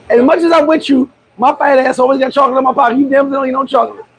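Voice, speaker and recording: A man's voice: extremely high pitch, steady tone, rapid-fire, slight background noise, low-quality recording. Laughing man telling street stories. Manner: joking, storytelling, laughs often. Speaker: vlogger. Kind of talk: casual street vlog chat. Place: outdoors on a street.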